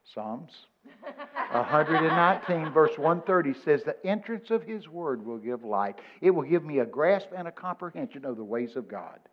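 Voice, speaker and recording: A preacher in his seventies delivers a folksy sermon, weaving scripture into lively stories. His voice sits somewhat high for a man. The recording is dull and lo-fi. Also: moderate pace, hardly any pauses. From Texas. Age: 70s. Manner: folksy, animated storytelling with scripture quotes.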